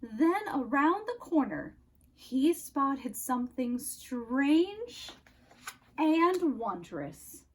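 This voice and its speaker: A woman reads a children's storybook aloud at an unhurried pace. Her voice is high and very lively, rising and falling with each turn of the story. She lingers on dramatic pauses. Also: poor audio. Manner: expressive, slow, dramatic pauses. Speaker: storyteller, counselor.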